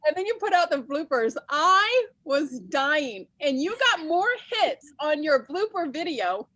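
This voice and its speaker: A woman with a very high voice co-hosts a morning talk show. She is quick and excitable and laughs a lot as she chats. The sound is dry and close. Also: no room sound. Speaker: co-host. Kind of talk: casual chat.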